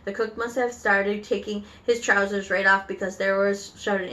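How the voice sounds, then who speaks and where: A woman reading a children's book aloud with animated storytelling and occasional slips. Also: medium pitch, moderate pace, few pauses. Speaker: reader.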